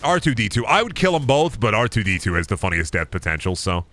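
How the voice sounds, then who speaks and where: A man's voice: fairly low pitch, sing-song, fast, a bit bright. A man streaming a video game live, rambling and mocking his chat and opponents, with lots of swearing. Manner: rambling, self-interrupting. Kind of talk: live gaming commentary.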